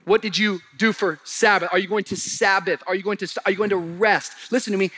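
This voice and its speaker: A man preaching a sermon to a live congregation, casual and slangy, swinging from shouted emphasis to quiet low asides. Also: fairly even intonation, brisk. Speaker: pastor.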